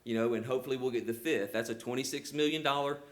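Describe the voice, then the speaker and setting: The speaker is an older man from Georgia, US, whose rural Southern accent comes through as he presents his telecom company at a public hearing and takes questions. His medium-pitched voice moves fast, earnest and full of "you know" fillers.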